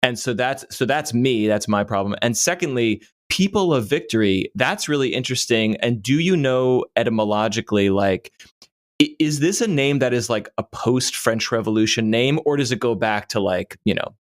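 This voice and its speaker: A man with a faint Long Island accent, co-hosting a podcast in easy, teasing chat. His voice sits at an ordinary middle pitch, and he talks with quick restarts and joking asides. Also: expressive. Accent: New York Long Island, mostly softened. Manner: playful, teasing, chatty with restarts. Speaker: podcast co-host. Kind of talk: casual chat.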